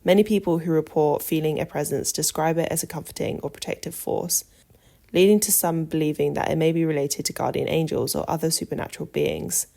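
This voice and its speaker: A woman hosts a podcast in a low voice with plenty of vocal fry. She reads a script in a calm, measured way and adds short personal asides. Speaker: podcast host.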